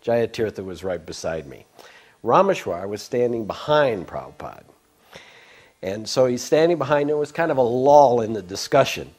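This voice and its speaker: Older man, average pitch, loose anecdotal storytelling, rambling with stammers. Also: animated, moderate pace, a little mellow. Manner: rambling, self-interrupting, with laughs and stammers. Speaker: devotee recalling memories. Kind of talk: casual storytelling.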